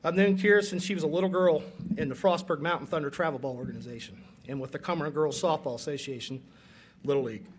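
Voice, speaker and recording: A middle-aged father giving an emotional award speech at a banquet, halting with many fillers. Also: a little high, crowd noise. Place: banquet hall.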